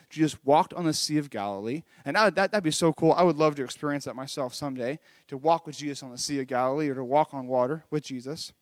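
A man's voice: a little high, no echo. A man leading a children's church lesson from home, retelling a Bible story in an earnest, conversational way with frequent restarts. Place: home recording during lockdown.

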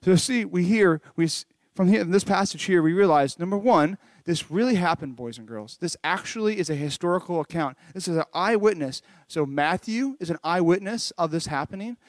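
A man's voice: sits high, animated, normal speed, no echo. A man leading a children's church lesson from home, retelling a Bible story in an earnest, conversational way with frequent restarts. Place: home recording during lockdown.

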